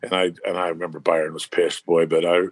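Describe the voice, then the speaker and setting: Laid back guy rambling thru a story, kinda low voice, cusses a bunch. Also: little pitch movement, fast, dry recording. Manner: rambling, loose, swears freely, lots of fillers. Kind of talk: casual storytelling chat.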